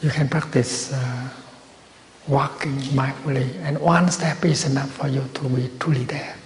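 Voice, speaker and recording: A man giving a Buddhist dharma talk at a retreat, speaking slowly and gently with measured pauses. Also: medium pitch, fairly even intonation. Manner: slow, gentle, measured phrasing with long pauses. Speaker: Buddhist teacher. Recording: roomy hall with long reverb and faint noise.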